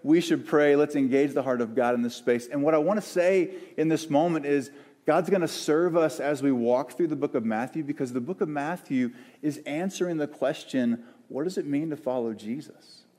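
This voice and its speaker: A man preaching a sermon as the church's pastor, earnest and searching, with pauses and restarts. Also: a little high, a little mellow. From American South. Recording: long hall reverb.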